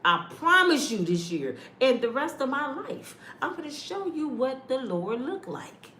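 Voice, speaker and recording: A woman's voice: high-pitched, very animated, a little slow, sharp tone, echoey room. A woman vlogger talking in an emphatic, sermon-like way, repeating her phrases as she comments to her viewers. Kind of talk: preachy casual commentary.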